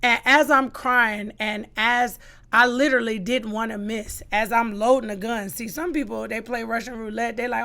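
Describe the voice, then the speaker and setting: A woman's voice: a little high, steady tone, normal speed, creaky, sharp tone, a little hiss or hum. A middle-aged woman, a podcast guest, giving an emphatic personal testimony and acting out the lines she quotes.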